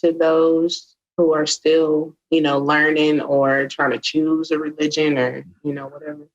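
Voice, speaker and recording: A woman co-hosting a podcast in casual chat, blunt and teasing, with quick jokes. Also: sits low, level tone, lo-fi sound. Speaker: podcast co-host.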